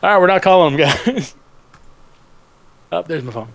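A man's voice: fairly high pitch, lively intonation, unhurried, dry recording, lo-fi sound. A young man hosting a let's play, chatting casually with friends on a voice call, laid-back, swearing and laughing often. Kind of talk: casual gaming chat.

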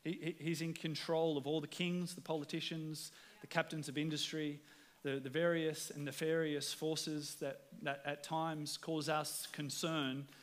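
Preaching at church, the pastor speaks with an Australian accent in a high-leaning voice, unhurried and flat in delivery. His sermon is earnest and conversational, and he often repeats words when beginning a sentence.

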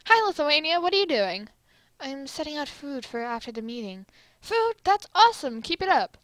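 A woman's voice: high-pitched, very animated, moderate pace, a bit bright, dry recording, voice pushed up. Woman doing a brash cheerful young hero. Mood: boisterous. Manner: brash and bouncy. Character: loud cheerful young male hero, boastful.

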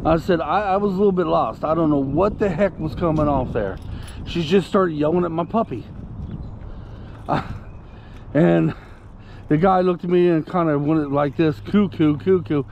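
A man's voice: a little high, vocal fry, highs cut off, slight background noise. A man telling a story casually to camera, indignant and rambling, breaking off to give commands to his puppy. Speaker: vlogger.

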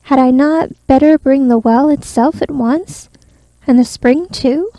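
A woman voicing a boastful, quick-witted little male tailor in a cocky, lively way, as whispered role-play. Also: high-pitched, dry recording, poor audio.

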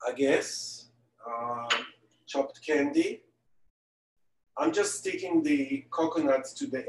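A man's voice: on the high side, a little mellow, a little hiss or hum. Male celebrity chef demoing a cake live from his home kitchen, chatty and joking, heard from a distance. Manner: chatty, joking asides while working. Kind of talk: live online baking demonstration. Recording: echoey kitchen, distant mic.

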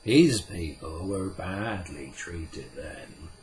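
A man voicing an ancient male earth spirit who speaks slowly and gravely in a storybook reading. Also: sits low, lively intonation, a little mellow, slight background noise, heavily acted. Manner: slow, grave, measured.

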